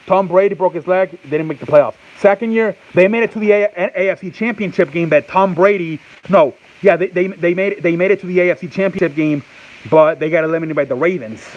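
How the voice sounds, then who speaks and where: A man's voice: sits high, a little fast, dull audio. A man hosting a casual sports talk show, rambling and restarting his sentences and answering people off-mic. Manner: rambling, repeats himself, restarts often; answers off-mic chat and reads live comments.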